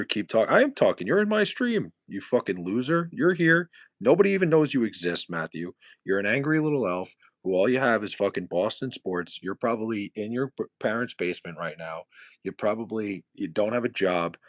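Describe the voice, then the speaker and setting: Young new guy on a live stream, cussing and mocking chat, lowish voice, dry close sound. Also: no room sound. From New York City. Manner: profane, mocking trash talk. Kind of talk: casual live-stream chat answering viewers.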